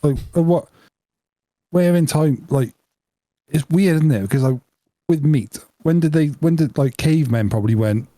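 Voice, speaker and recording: A man's voice: on the high side, normal speed, pauses often, mellow, no room sound. Jokey man, mid voice. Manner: jokey, playful, laughs often. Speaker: podcast co-host. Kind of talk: casual chat.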